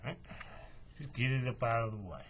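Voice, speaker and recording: A man hosts a hands-on craft tutorial, chatting casually step by step while working with his hands. He sounds relaxed and folksy, with a brisk mid-range voice and a little hiss or hum in the recording.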